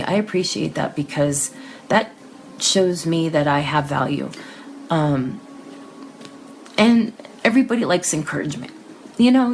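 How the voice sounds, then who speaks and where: A woman with a low, gravelly voice chats to her live audience as a psychic host, emotional and a little tearful, often restarting her sentences. A faint hiss sits under the recording. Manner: emotional, chatty, with frequent restarts and soft laughs. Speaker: psychic medium hosting a live reading session. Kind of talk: casual live-stream talk to viewers.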